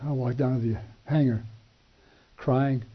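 An older man telling a personal testimony, acting out the dialogue with animated shifts in voice and chuckling between lines. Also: medium pitch, measured pace, a little hiss or hum. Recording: dull lo-fi recording.

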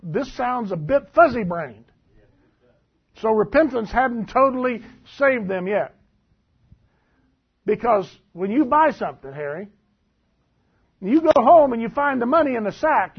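A man preaching a sermon, reading scripture aloud and commenting on it in a folksy, animated way. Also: very high voice, measured pace, pauses often, breathy edge. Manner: folksy, animated, laughs at the text. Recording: dull lo-fi recording.

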